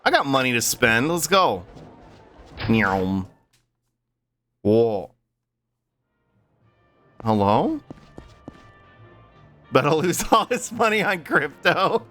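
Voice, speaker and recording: A man's voice: mid-range voice, expressive, slow pace, long pauses, bright, forceful tone, soft background music. A young man casually streaming a game, swearing, laughing and chatting with viewers. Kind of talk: casual gameplay livestream chat.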